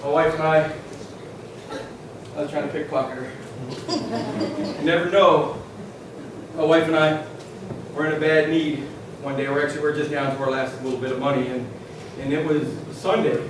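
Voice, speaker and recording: A man preaching a sermon who shouts his emphatic lines and tells stories with many fillers. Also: on the high side, steady tone, normal speed, pauses often. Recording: echoey church, distant mic, background noise.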